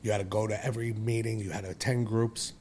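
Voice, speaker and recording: Low-voiced blunt New man. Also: steady tone, fast, a little mellow, slight background noise. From Brooklyn, New York. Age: 40s. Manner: blunt and profane, rambling with restarts. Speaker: podcast guest. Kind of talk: candid personal storytelling.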